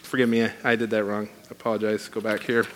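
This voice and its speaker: A man's voice: fairly low pitch, flat delivery, fast talker. A man preaching a sermon in a conversational, emphatic way, reading scripture aloud.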